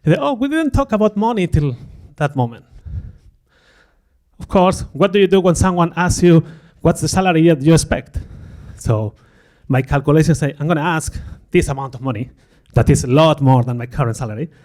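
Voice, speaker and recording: Brisk and fairly high in pitch, a middle-aged man's voice carries a conference talk built around a personal story. He's lively and self-deprecating, and he acts out what went through his head.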